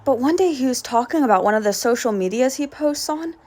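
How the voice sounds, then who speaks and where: A young woman telling funny stories in a casual storytime style, with animated, exaggerated reactions. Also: high voice, a little fast.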